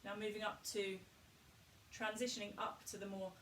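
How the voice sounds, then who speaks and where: A woman coaching a group through a vocal warm-up, calm and instructive as she models each exercise. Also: medium pitch, moderate pace. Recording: echoey room, distant mic.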